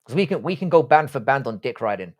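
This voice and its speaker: A man with a Southwest London accent runs a casual live stream, chatting loosely with his viewers. His talk is full of teasing banter and swearing, in a mid-pitched, everyday male voice. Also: sing-song, quick pace. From England. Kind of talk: casual live-stream chat reading comments.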